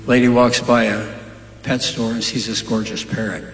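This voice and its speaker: A man's voice: lowish voice, little pitch movement, moderate pace, faint music behind. A male stand-up comedian doing a set, firing punchy one-liners and chatting with the crowd. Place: large live venue. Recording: echoey live hall with crowd noise.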